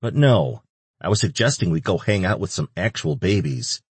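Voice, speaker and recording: A man's voice: low voice, lively intonation, moderate pace, husky, no echo, full character voice. A man voicing a cheerful, playful male angel who teases his friend. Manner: teasing and upbeat.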